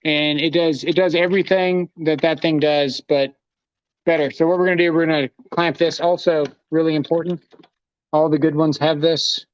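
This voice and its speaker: A man's voice: a little high, little pitch movement, normal speed, no room sound. A man hosting a live tool demonstration, talking casually while he handles his gear. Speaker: host demonstrating tools. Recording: dull lo-fi livestream audio.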